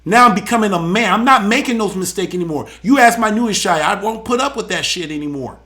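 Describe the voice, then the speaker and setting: High, bright-voiced preaching man. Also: fast. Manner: emphatic, animated, repeats words. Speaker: show host and church elder. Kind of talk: preaching commentary on scripture.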